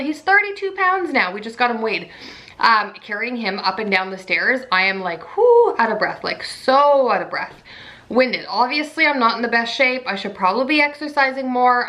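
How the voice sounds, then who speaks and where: Young pregnant woman chatting to her vlog, says like a lot, bright clear voice. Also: on the high side. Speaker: pregnancy vlogger. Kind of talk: casual vlog chat.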